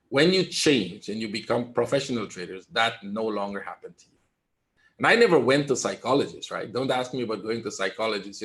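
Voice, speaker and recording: A man giving live trading commentary in a webinar, calm and reassuring, repeating his points and often asking "right?". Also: fairly low pitch. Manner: emphatic, talks straight to viewers. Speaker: trader teaching a webinar.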